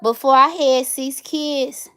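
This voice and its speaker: A woman in her thirties talks to her viewers on a casual livestream in a fairly high voice. She tells stories with animated, chatty energy, as if catching up with friends. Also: takes it slowly. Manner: chatty, animated storytelling, addresses viewers directly. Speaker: livestream host.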